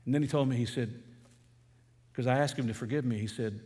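A man's voice: medium pitch, a little fast, long pauses, warm tone, husky, big-room sound. A middle-aged man from Atlanta, preaching a sermon as a pastor in a conversational, storytelling way with fervent emphasis. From Atlanta, USA.

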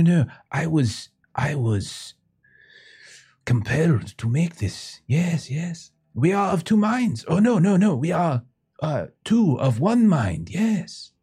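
A man's voice: a little high, dark tone, slightly rough, voice pushed up, exaggerated voice. A man voicing an eccentric, scruffy French sculptor who speaks broken English in a fawning, salesman's way. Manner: fawning, repeats "yes" and "monsieur", broken English.

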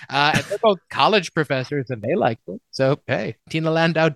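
A man's voice: a little high, animated, gravelly, a bit bright, no room sound. Jokey male podcast host, dry close mic. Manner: chatty, jokey, quick asides. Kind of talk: casual chat.

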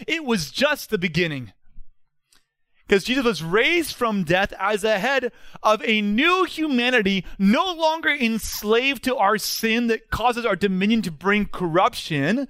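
A man's voice: high-pitched, sing-song, unhurried, fairly bright tone, no room sound. A man, preaching a sermon as pastor in an earnest, emphatic way.

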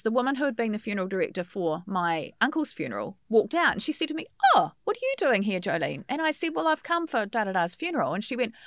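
A woman's voice: fairly high pitch, no echo, studio quality. A New Zealand woman in her fifties, a funeral celebrant, chatting in an interview. She laughs easily and acts out the voices of the people she quotes. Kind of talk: casual interview chat.

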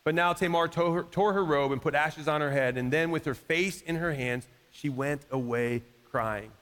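A man's voice: on the high side, normal speed, a bit bright. A man preaching a sermon as pastor, in a conversational style that acts out quoted voices and rises to emphatic peaks. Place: church sanctuary. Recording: long reverb of a large hall.

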